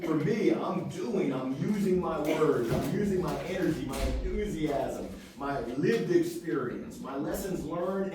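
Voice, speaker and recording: A man giving an energetic, playful workshop talk to a live audience, quizzing the crowd. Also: on the high side. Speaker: motivational speaker. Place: meeting room with a live audience. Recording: very echoey room, far from the mic.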